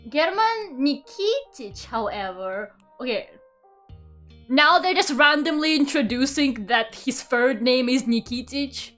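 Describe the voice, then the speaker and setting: High-voiced young woman streamer, incredulous. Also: a little slow, a bit bright, soft background music. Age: young adult. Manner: incredulous, swears casually, laughs often. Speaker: VTuber streamer. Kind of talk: reading aloud and chatting with viewers.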